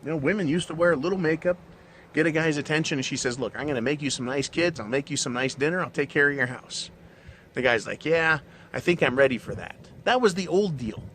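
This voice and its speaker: A man's voice: fairly high pitch, fast, a bit bright, slight background noise. A man hosting his own show, delivering a blunt, profane, mocking monologue. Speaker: show host. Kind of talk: ranting monologue.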